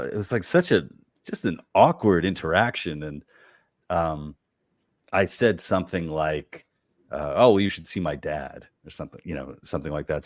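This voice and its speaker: A man with a very low, deep voice tells personal stories in an easy, conversational way. He halts often, repeats words and fills gaps with "uh" and "you know." The sound is close and dry, with no room echo. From United States. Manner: halting, many fillers and repeated words, laughs while telling stories. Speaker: comedian guest. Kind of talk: relaxed conversational storytelling.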